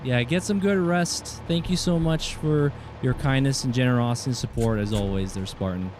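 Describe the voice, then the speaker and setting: Game music and gunfire fill the noisy background as this British Columbian Canadian man chats live with his viewers at normal speed. His voice is medium in pitch, and he's friendly, thanking people by name and restarting his words.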